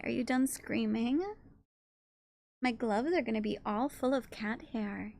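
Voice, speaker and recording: A woman's voice: on the high side, unhurried, gravelly, pauses often, darkish tone, dry recording. A woman streamer chatting casually with her viewers and cooing baby talk to her cats. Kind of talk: casual live-stream chat.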